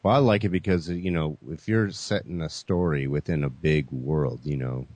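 A man's voice: very deep voice, moderate pace, darkish tone, no echo. A man hosting a gaming podcast in casual chat, laid-back, calling listeners "folks" and leaning on "you know". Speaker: podcast host.

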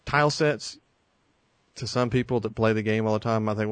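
A man's voice: fairly low pitch, normal speed, no echo. A man co-hosting a gaming podcast in casual chat, enthusiastic and easygoing. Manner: enthusiastic, easygoing, says cool a lot. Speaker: podcast co-host.

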